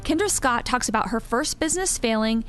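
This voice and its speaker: Female podcast host; scripted narration with soft music beneath. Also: on the high side, animated, fairly quick. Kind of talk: scripted narration and interview questions.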